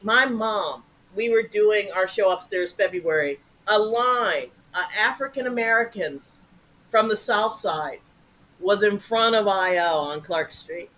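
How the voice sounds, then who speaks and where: A woman guest telling stories in a casual interview, animated and profane, acting out voices. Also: mid-range voice, measured pace, rough recording.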